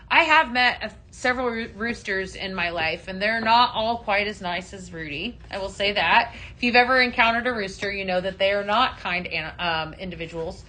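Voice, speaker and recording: A woman's voice: a little high, expressive, normal speed, hardly any pauses, bright, forceful tone. A woman hosting a casual live-stream shopping show, chatty and upbeat, with many ums, calling viewers her friends.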